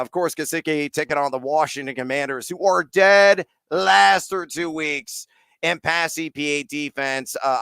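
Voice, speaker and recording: A middle-aged man hosting a live fantasy football Q&A, reading viewer questions and answering in energetic slangy bursts with frequent fillers. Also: mid-range voice, clean tone, dry recording. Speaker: fantasy football and betting host.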